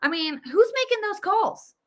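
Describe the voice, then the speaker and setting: A woman's voice: extremely high pitch, very animated, normal speed. A woman in her thirties hosting her own political commentary video, talking emphatically and casually with many fillers and restarts. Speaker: political vlog host.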